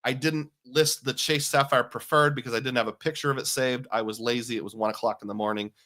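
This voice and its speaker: A man's voice: medium pitch, fairly even intonation, quick pace, pushed and bright. A man hosting a casual livestream, talking in a chatty, jokey, self-deprecating way and reading out viewer comments. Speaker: host.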